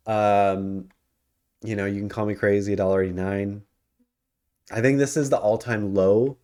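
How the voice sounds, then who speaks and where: Yawning and hiccuping, this investing channel host gives a casual stock commentary over his screen, speaking loosely with many ums and corrections of himself. He has a fairly low, steady, slightly mellow voice that is clear and resonant, at a normal speed.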